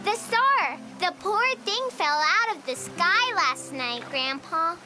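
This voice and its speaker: A woman's voice: very high-pitched, slow pace, full character voice. A woman voicing a cheerful, curious little girl in a cartoon, with music behind her. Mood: wondering. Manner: bubbly, wondering, excitable.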